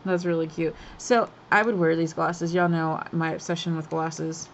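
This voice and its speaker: A woman's voice: low-pitched, steady tone, normal speed, muffled recording, a little hiss or hum. A woman hosting a craft swap, chatting casually and gushing over each item as she unboxes it, laughing often.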